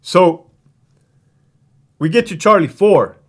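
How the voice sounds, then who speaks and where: A man's voice: high-pitched, lively intonation, slow pace, a bit bright. A man who used to be a prison guard tells stories in a casual, profane, streetwise way, rambling and restarting his sentences. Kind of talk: casual storytelling.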